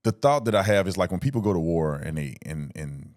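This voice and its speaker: A man hosting an interview, asking questions in a halting way, thinking out loud. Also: low voice, big pitch swings, dry recording, clean studio sound. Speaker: podcast host. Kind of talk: casual interview talk.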